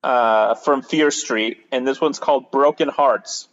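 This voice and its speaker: A man's voice: mid-range voice, unhurried, a bit bright, lo-fi sound. A man co-hosting a podcast in casual chat, rambling and joking with many fillers. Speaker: podcast co-host.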